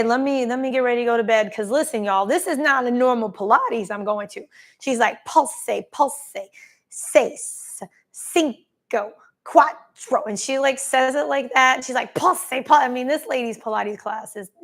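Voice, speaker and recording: A woman hosting a casual live stream, effusively reading and thanking viewers' comments by name. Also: a little high. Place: travelling, streaming from a holiday spot.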